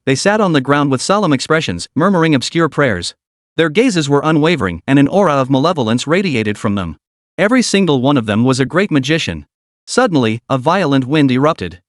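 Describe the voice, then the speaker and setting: A man narrating a scripted story recap in a dramatic, fast-moving way. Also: fairly high pitch, dry recording, studio quality.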